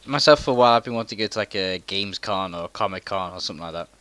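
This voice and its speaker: A man's voice: low-pitched, rapid-fire, fairly bright tone, no room sound. A young man co-hosting a casual gaming podcast, laid-back and swearing freely as he chats. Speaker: podcast co-host. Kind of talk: casual chat.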